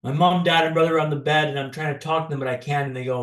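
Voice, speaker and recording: A man from Canada, a podcast guest, telling a personal story in a dramatic, paced way with pauses. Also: a little high, steady tone, fairly bright tone, echoey room.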